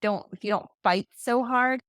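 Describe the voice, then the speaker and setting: A woman who works as a breakup coach, talking as a podcast guest in a candid, animated way. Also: on the high side, moderate pace, dry recording, studio quality. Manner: candid and animated, acts out quoted thoughts. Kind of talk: casual conversation.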